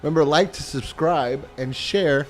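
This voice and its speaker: A man's voice: fairly high pitch, a little slow. A man giving a casual spoken movie review as a channel host, rambling and profane, getting worked up and incredulous.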